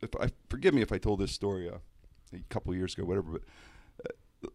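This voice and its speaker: A man's voice: sits low, very fast, no room sound. A man telling a story in casual talk-show chat, slipping into comic voices. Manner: animated, does comic voices mid-story.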